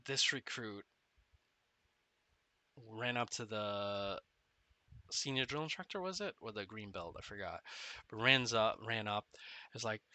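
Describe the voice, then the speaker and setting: A man's voice: on the low side, a little slow, long pauses, bright, forceful tone, dry recording. A man in his forties, a former Marine, casually commenting while he plays and rambling through a story with lots of fillers and laughs.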